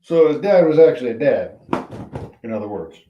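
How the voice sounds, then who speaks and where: A man's voice: mid-range voice, big pitch swings, fairly quick, dull audio. A man in casual chat, talking in a blunt, dismissive way with swearing. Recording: echoey room with faint noise.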